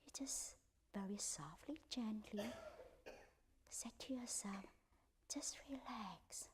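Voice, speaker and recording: A woman leading a guided meditation in a soft, gentle voice that often drops to a half-whisper, with simple, repetitive instructions. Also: mid-range voice, slow pace, slight background noise. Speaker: meditation teacher.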